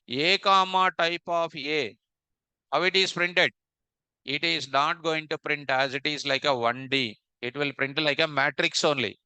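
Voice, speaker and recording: A man's voice: fairly high pitch, pushed and bright, smooth, no echo, rough recording. A man teaching programming in a live coding lecture, repeating phrases and drilling students with rhetorical questions.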